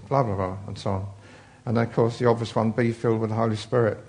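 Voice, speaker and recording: Guy preaching, gravelly voice, rambly and chatty, lots of ums. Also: lowish voice, fairly even intonation, fast, darkish tone. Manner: chatty, rambling, with many fillers and asides. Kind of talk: informal sermon.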